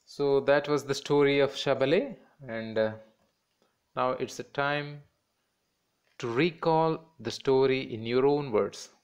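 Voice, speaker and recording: A man's voice: mid-range voice, slow pace, clean tone. A man teaching a children's class in Indian English, patiently repeating words and breaking them into syllables.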